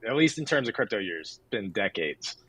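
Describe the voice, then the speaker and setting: A man co-hosting a casual livestream chat, excitable and joking, often drifting onto tangents. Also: lowish voice, a little fast, slightly rough, low-quality recording. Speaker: co-host.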